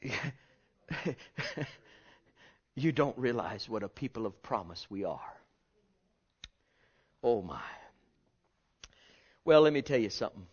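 A man preaching a sermon with passion, swinging from hushed, drawn-out words to loud cries. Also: mid-range voice, animated, slightly rough, dull audio.

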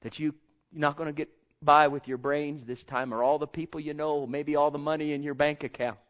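A male preacher with a somewhat high voice delivers a fervent sermon. He drifts between soft, intimate murmurs and loud, ringing exhortations. The recording is dull and lo-fi. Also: level tone, brisk.

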